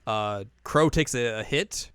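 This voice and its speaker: Smooth-voiced man rambling through a recap. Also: mid-range voice, slow pace, fairly bright tone, dry recording, clean studio sound. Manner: rambling, filler-heavy recap. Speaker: podcast co-host. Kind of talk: casual chat.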